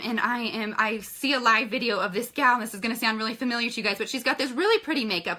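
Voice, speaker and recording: Woman in her thirties, bright tone, earnest, emotional, livestream testimony. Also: on the high side. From Colorado, United States. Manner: earnest and emotional, addresses viewers as "you guys". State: tearful at times. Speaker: makeup seller sharing her story.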